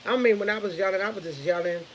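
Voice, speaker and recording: Woman, thirties, casual morning live chat, rambling, laughs a lot, mid pitch. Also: quick pace, slight background noise, poor audio. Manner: rambling, chatty, laughs often. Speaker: live stream host.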